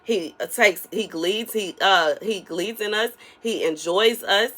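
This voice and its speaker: A woman delivering a casual spoken prophetic message in her soft everyday voice, repeating phrases for emphasis and often asking "you know what I'm saying.". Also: medium pitch, measured pace. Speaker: online prophetic minister.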